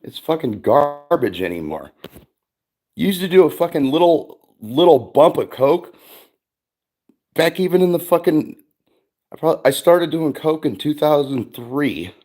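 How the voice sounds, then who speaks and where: A man's voice: on the high side, lively intonation, a little slow, a little mellow. A middle-aged man hosting a livestream, telling stories in casual chat, profane and rambling, with many fillers. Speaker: streamer host.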